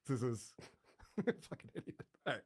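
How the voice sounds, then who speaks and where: A man's voice: medium pitch, very animated, unhurried, slightly rough. Chatty man narrating a stream. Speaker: streamer watching a show. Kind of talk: livestream commentary.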